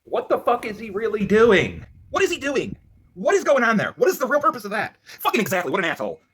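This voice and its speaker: A worked-up man ranting in a profane vlog, swinging between loud outbursts and low muttering. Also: huge pitch swings, quick pace, a little hiss or hum. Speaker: vlogger.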